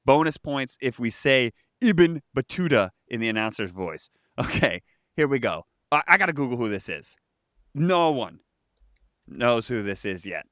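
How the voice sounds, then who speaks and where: Lively bright-voiced man chatting. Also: medium pitch, moderate pace, dry recording. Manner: animated, jokey, mimics voices. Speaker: co-host of a live stream. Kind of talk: casual chat, reading viewer comments.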